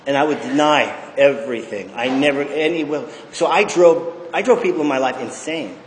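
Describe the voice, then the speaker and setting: A man's voice: mid-range voice, normal speed, a little hiss or hum. A middle-aged man giving blunt, profane personal testimony at a recovery meeting, often checking in with the room. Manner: emphatic, blunt and profane, keeps checking in with "okay?". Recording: echoey hall with long reverb.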